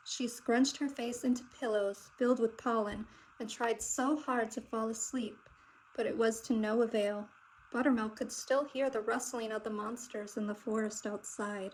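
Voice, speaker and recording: A woman narrating a children's picture book aloud with expressive, dramatic delivery. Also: fairly high pitch, a little hiss or hum, poor audio. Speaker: storybook reader.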